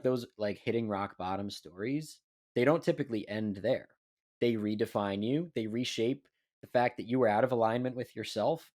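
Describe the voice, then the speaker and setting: A man's voice: fairly low pitch, darkish tone. A young man co-hosting a podcast in casual chat, rambling with many fillers. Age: young adult. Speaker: podcast co-host.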